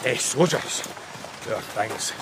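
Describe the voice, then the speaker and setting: A man playing a gravelly Scottish bailie. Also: on the low side, lively intonation, takes it slowly, background noise. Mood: brooding. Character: fussy Scottish bailie Jarvie, a shrewd, moralizing merchant. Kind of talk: radio drama acting.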